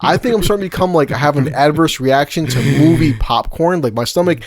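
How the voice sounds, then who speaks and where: A man's voice: a little high, fast, dry recording, clean studio sound. A man in his forties hosting a podcast, telling a story in casual chat, swearing often and laughing as he talks. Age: 40s. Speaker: podcast host.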